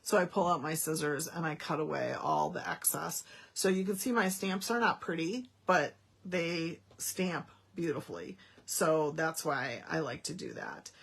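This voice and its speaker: A woman's voice: deep voice, measured pace, gravelly, hardly any pauses, fairly bright tone, breathy edge. A woman demonstrating card-making in a chatty, folksy way, thinking aloud as she works. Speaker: Stampin' Up demonstrator. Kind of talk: casual card-making demo.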